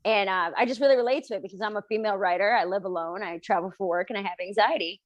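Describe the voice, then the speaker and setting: A woman comic in her thirties doing an animated stand-up set, swearing and acting out the people she quotes. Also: medium pitch, very fast, no echo, dull audio. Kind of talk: stand-up set over video call.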